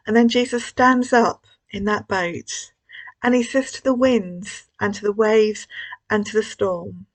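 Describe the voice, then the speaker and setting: A woman leading a school collective worship, telling a story to children in a gentle, expressive way with hushed moments. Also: medium pitch, unhurried, poor audio. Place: church.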